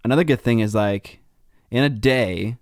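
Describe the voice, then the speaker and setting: A man co-hosting a casual podcast, relaxed and chatty, with many fillers. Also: mid-range voice, moderate pace, no room sound, clean studio sound. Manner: relaxed, chatty, filler-heavy with likes and ums. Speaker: podcast co-host.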